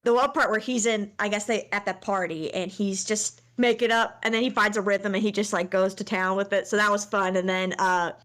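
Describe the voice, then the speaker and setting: A woman's voice: medium pitch, fairly even intonation, brisk, hardly any pauses, fairly bright tone. A woman chatting as a podcast guest over a video call. She talks casually and hesitantly, searching for words with plenty of fillers. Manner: hesitant, many fillers, laughs easily. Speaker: guest, co-worker of host. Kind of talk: casual chat.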